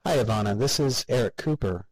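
A man voicing a weary, appalled young man who talks low, quietly and flatly. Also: a little fast, breathy edge, no echo, rough recording. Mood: forced politeness.

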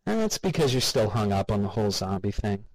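A man's voice: fairly low pitch, sing-song, fairly quick, dry recording, poor audio. A man voicing a blunt, dismissive male boss in a story reading.

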